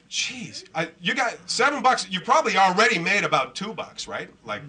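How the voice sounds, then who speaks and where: A man's voice: on the high side, big pitch swings, fairly quick, few pauses, pushed and bright, slightly rough. A middle-aged man emceeing a comedy show, rambling through self-mocking, profane bits and crowd work.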